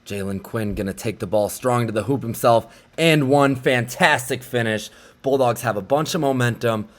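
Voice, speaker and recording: A young man casually recapping basketball highlights like an excited fan commentator. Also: fairly quick.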